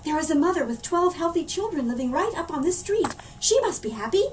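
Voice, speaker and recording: A woman's voice: very high voice, lively intonation, a little fast, voice pushed up. A woman doing a nervous timid scribe. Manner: nervous, hushed. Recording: distant mic, faint room hum.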